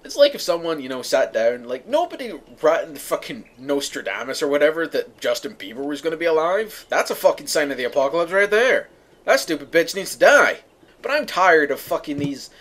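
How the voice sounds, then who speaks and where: A man's voice: on the high side, big pitch swings, a little fast, fairly bright tone. A young man from the UK ranting sarcastically to his viewers, profane and exasperated. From United Kingdom. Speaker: vlogger. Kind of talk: ranting monologue to camera.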